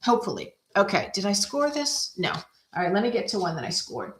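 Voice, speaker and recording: A woman talking through a card-making project in a relaxed, chatty way, laughing at her own slips as she works. Her voice sits at an ordinary middle pitch. The room around her rings with noticeable echo. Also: fairly quick, slight background noise. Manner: chatty, self-deprecating, thinks aloud while working. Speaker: craft video host. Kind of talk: casual craft demonstration. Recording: echoey room.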